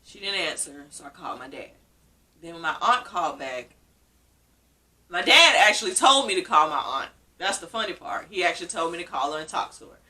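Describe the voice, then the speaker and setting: A woman's voice: lowish voice, big pitch swings, brisk, sharp tone, distant mic. A woman vlogger telling a personal story in a casual, emotional way, often repeating herself. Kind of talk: casual story-time vlog.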